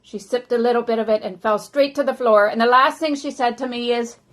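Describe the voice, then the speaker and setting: A woman acting as a dead older man who narrates his life story in a first-person historical monologue, often dropping soft and slow. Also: fairly high pitch, lightly acted. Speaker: volunteer actor.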